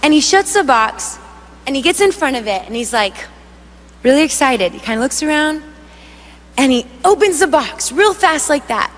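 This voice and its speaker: High-voiced woman preaching in a reverberant hall. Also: moderate pace. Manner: animated, acts out quoted voices, conversational. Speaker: worship leader preaching. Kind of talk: sermon storytelling. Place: large church hall. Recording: long reverb of a large hall.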